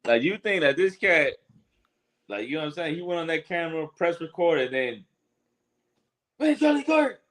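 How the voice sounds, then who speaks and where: A man's voice: a little high, brisk, a bit bright. A man co-hosting a talk show, chatting casually, agreeing often and speaking in loose, rambling phrases. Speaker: co-host.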